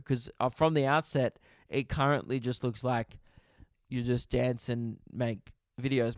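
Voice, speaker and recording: A man's voice: mid-range voice, clear, resonant tone, no echo. A young man hosting a casual solo podcast, rambling and sarcastic, swearing freely into a close mic. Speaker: podcast host.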